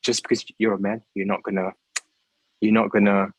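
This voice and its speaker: A man's voice: on the low side, level tone, fairly quick, husky, no room sound, low-quality recording. A young man moderating a casual panel discussion over a video call, hesitant with many fillers and restarts.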